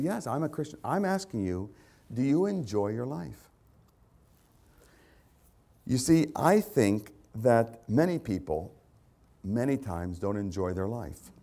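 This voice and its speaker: A man's voice: on the low side, warm tone. A male pastor preaching a sermon, hammering points with repeated rhetorical questions. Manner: repetitive rhetorical questions, emphatic.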